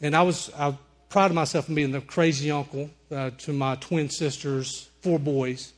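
Storytelling preacher, a higher male voice. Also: steady tone, normal speed. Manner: storytelling preacher, quotes people in softer voices. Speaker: pastor. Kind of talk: sermon.

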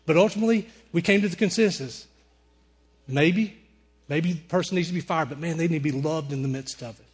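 A middle-aged man preaching a sermon, telling personal stories and softly quoting the people in them. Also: fairly high pitch, brisk, husky. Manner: storytelling preacher, quotes people in softer voices. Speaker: pastor.

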